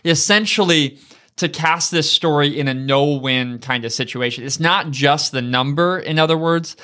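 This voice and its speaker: A man's voice: medium pitch, a bit bright. A man co-hosting a bible study, explaining a point while searching for words and using many fillers. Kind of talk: conversational bible commentary.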